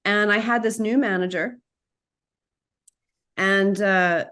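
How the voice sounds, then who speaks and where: A woman's voice: medium pitch, takes it slowly, smooth. A woman, a massage therapist and actor, telling a story in a casual chat with frequent restarts and tangents over a video call. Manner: chatty, animated, sidetracks and restarts.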